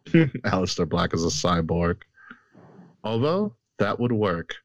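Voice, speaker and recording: A man's voice: low voice, sing-song, slow, no echo. A man co-hosting a casual wrestling podcast, laughing often and steering the talk between topics. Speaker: podcast co-host.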